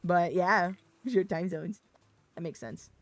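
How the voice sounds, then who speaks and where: A woman streamer from the American Midwest chatting casually, rambling and swearing, laughing often, with an expressive, slightly Valley Girl tinge. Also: lowish voice, measured pace, dry recording, soft background music. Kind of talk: casual livestream chat.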